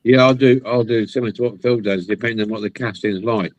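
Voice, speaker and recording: Man, deep, flat, hesitant, dry close sound. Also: no echo, highs cut off. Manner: measured, hesitant with ums. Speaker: co-host on a modelling live chat. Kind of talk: casual chat.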